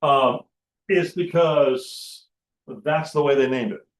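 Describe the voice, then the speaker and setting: A man teaching a Greek grammar class, talking in a halting way with many fillers and restarts. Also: mid-range voice, echoey room, poor audio. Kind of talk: classroom lecture.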